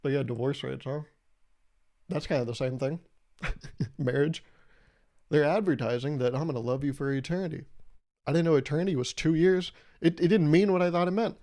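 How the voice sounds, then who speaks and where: A man's voice: on the high side, moderate pace, long pauses, dark tone. A young man hosting a solo podcast, riffing in a wry, rambling way and acting out little scenes. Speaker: podcast host. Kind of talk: solo comedic monologue.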